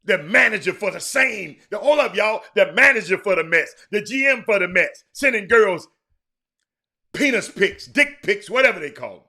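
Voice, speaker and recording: A man's voice: high voice, lively intonation, moderate pace, gravelly, bright, forceful tone. A man hosting a live-streamed sports talk show, ranting emphatically, repeating himself and calling out to his viewers. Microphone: streaming mic.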